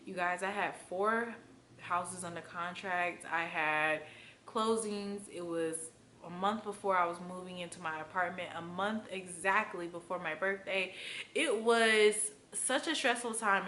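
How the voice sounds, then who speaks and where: Bright, animated young woman from Florida. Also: slight background noise. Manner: animated, profane, loose with many fillers; acts out quotes with big pitch jumps. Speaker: vlogger. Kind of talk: candid storytime chat to camera.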